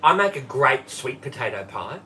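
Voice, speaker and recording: A man's voice: mid-range voice, sing-song, moderate pace, pushed and bright. A man hosting a live cooking stream from his kitchen, chatting and greeting viewers by name. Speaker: livestream host and former Tupperware manager. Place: home kitchen. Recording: voice from a distance off the mic.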